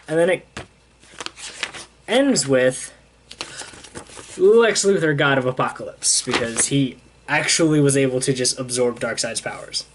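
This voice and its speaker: A young man chats through a comic storyline in a loose, casual way, slipping into quick paraphrases of what each character says. His voice sits at an everyday middle pitch, and he sounds like he is talking at home for his viewers. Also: slight background noise. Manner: casual, retells scenes with "he's like" paraphrases. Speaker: comic book reviewer. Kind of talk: casual recap.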